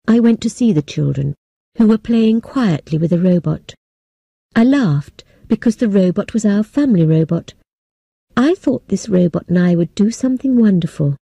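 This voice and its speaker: Female storybook narrator, steady and clear, dark gravelly tone. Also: medium pitch, dry recording, muffled recording. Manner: plain, steady, clearly paced reading. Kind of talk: storybook reading for English learners.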